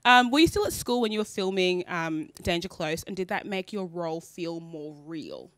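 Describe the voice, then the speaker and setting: A woman hosting a casual studio interview, upbeat with quick reactions to her guests. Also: lowish voice, very animated. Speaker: interview host.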